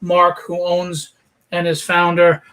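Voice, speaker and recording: A man hosting an online charity art auction, talking in an energetic, persuasive way with frequent fillers. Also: high voice, takes it slowly. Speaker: auction host. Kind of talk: charity livestream pitch.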